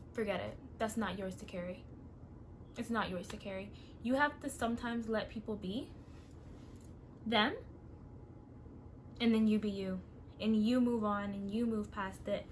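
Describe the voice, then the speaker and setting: A woman's voice: fairly high pitch, fairly bright tone, a little hiss or hum. A woman vlogger giving earnest, encouraging advice in a casual talk to camera.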